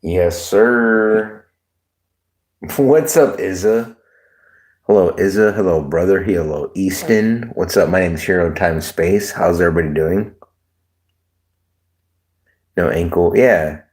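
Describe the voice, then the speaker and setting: A male streamer with a low, deep voice, chatting at an unhurried pace. He rambles, jokes crudely and greets viewers from chat in a loose, casual way. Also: a little mellow. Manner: rambling, joking, crude, reads chat aloud. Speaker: livestream host.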